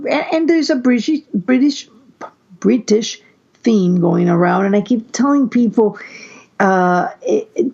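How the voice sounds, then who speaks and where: A fairly high-voiced woman talks through her fan theories on a podcast, often stopping and starting her sentences. Her audio is dull and a bit muffled. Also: vocal fry. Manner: theorizing, restarts a lot. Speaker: podcast co-host. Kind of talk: casual podcast chat. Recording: muffled lo-fi sound.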